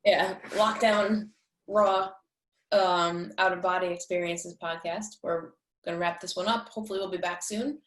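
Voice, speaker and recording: A woman's voice: fairly low pitch, fairly even intonation, normal speed, slight background noise. A woman hosts a podcast in easygoing casual chat. She laughs readily, and her voice carries the echo of a roomy space. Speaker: podcast host. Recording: echoey room.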